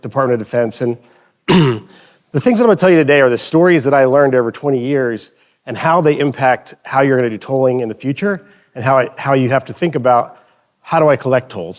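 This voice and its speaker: A man presenting a conference talk on stage, telling anecdotes in a casual, joking way with frequent restarts. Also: medium pitch. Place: stage in front of an audience.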